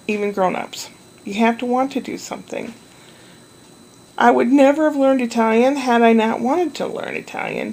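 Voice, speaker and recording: A woman's voice: medium pitch, gravelly, darkish tone, a little hiss or hum, poor audio. A woman chatting in a rambling, meandering way about her day looking after a toddler. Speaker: vlogger caring for a toddler. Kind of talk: rambling casual chat.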